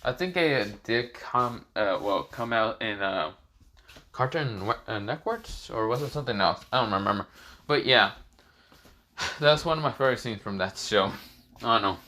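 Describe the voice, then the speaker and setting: Young male storyteller, casual and rambling, bright tone. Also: mid-range voice, animated, normal speed. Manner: rambling, with many fillers. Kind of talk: casual fan story narration.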